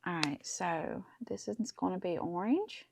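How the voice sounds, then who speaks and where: A woman's voice: lowish voice, expressive, unhurried, creaky, a little mellow, no room sound. A woman hosting a casual crafting tutorial, chatty and enthusiastic as she talks through each step. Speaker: crafting channel host.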